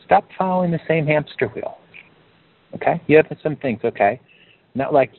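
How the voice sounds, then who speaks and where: A man leading a group coaching call, talking in a calm, encouraging way and lifting his pitch to stress a point. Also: moderate pace, long pauses. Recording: narrow phone-like line.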